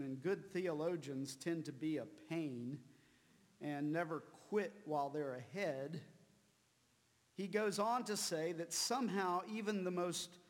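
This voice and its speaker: A man preaching a sermon, slow and deliberate, repeating key words for emphasis. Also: a little high, big-room sound. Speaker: pastor.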